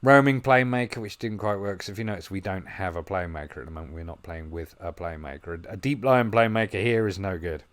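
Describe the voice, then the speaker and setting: A man commentating on his football management game, musing quietly and then breaking into excited play-by-play. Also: sits low, a little fast, few pauses. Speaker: gaming video host. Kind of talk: gameplay commentary.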